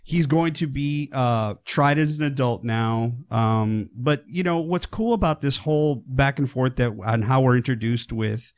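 A man co-hosting a casual film discussion podcast, talking in an animated way, swearing and acting out quotes. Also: medium pitch, a little slow, hardly any pauses. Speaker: podcast co-host.

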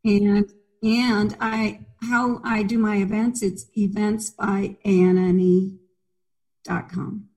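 A woman's voice: mid-range voice, flat delivery, slow, a little mellow, rough recording. An older woman talking as a podcast guest on a video call, chatty and playful, poking fun at herself. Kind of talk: casual video-call interview.

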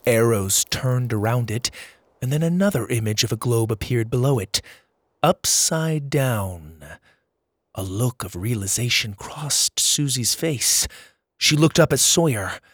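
A man reading a children's adventure story as its narrator, in a measured and dramatic storytelling manner. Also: mid-range voice, animated, dry recording, studio quality.

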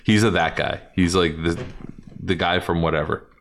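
A man's voice: sits low, fairly even intonation, moderate pace, gravelly, slight background noise. A man hosting a podcast in a casual chat, rambling and swearing and laughing a lot. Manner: rambling, profane, laughing often. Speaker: podcast host.

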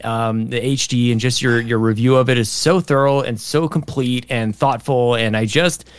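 An enthusiastic man guests on a casual podcast, his voice of middling pitch. He joins from his basement over a call, and the sound is dry and close. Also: steady tone, normal speed, smooth, dry recording. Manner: enthusiastic, gushing. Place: home basement. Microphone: Discord call.

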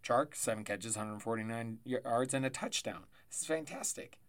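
Male solo podcast host, mid-pitch, loose and rambling, sounds tired. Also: normal speed, fairly bright tone. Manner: rambling, chatty, self-correcting with asides and laughs. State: tired, yawning. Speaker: fantasy football podcast host. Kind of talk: casual solo sports podcast.

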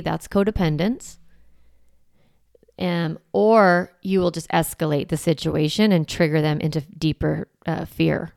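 A woman parenting coach hosting a podcast, talking earnestly and gently and explaining with everyday examples. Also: fairly low pitch, creaky, no echo, clean studio sound. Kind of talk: conversational advice podcast.

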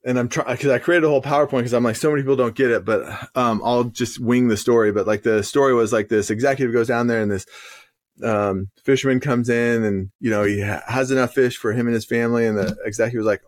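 A man's voice: medium pitch, steady tone, fairly quick, dry recording, clean studio sound. A man hosting a podcast, retelling a story in a rambling way, with fillers and restarts. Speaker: podcast host. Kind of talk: casual podcast conversation.

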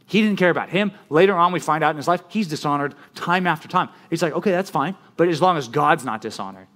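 A man preaching a sermon as pastor, animated and conversational, often checking in with "right?". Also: on the high side, fast talker.

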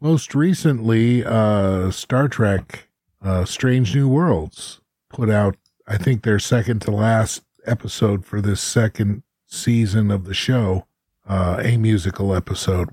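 Relaxed male book podcast co-host. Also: on the low side, a little slow, husky, dry recording, clean studio sound. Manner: reads quotes aloud with a rising, playful voice. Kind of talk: casual book discussion.

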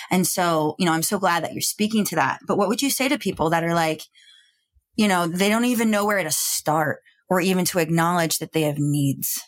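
A woman co-hosting a podcast, speaking thoughtfully and affirming her guest before asking a question. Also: on the low side. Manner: thoughtful, affirming, many "you know"s. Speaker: podcast co-host. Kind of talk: podcast interview.

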